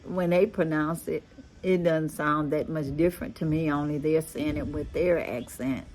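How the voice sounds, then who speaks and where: A middle-aged woman from Texas with a Creole accent that blends Louisiana and Galveston, chatting casually to her viewers in an unhurried, drawn-out way and calling them "y'all". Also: low voice, darkish tone. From Texas, USA. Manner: slow, drawn-out talk, often saying "y'all". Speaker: vlogger. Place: rooftop outdoors.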